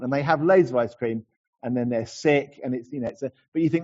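Husky, mellow-voiced man preaching a sermon. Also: mid-range voice, fairly quick. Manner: conversational, with frequent restarts and acted asides. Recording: dull lo-fi sound.

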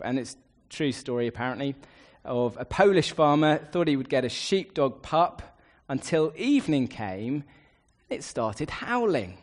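A man's voice: mid-range voice, big pitch swings, unhurried. Earnest man preaching a sermon. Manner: earnest, building emphatic lists.

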